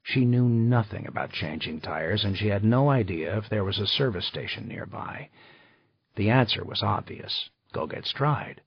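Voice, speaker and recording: Gravelly, husky male audiobook narrator. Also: fairly low pitch, expressive, no room sound. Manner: measured, unhurried. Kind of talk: scripted narration. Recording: dull lo-fi dry recording.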